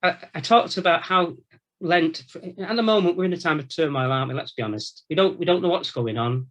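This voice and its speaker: A priest with a fairly high male voice gives a relaxed Lenten talk. He tells anecdotes in a conversational, colloquial manner and acts out the voices of the people in his stories. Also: a little fast. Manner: storytelling, animated anecdotes with quoted voices; informal, colloquial phrasing. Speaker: Catholic priest, former prison chaplain.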